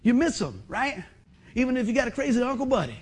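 A middle-aged man preaching a sermon in a folksy, animated way, acting out other people's voices. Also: very high voice, fast, husky. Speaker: pastor.

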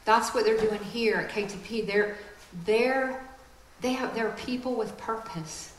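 A woman giving a lively, conversational sermon with quick asides. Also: on the high side, reverberant, slight background noise, poor audio. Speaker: speaker.

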